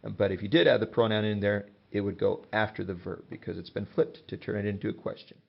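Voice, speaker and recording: A man's voice: fairly low pitch, fairly even intonation, fairly quick, gravelly, breathy edge. A man teaching a grammar lesson, explaining patiently and working through example sentences. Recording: dull lo-fi sound.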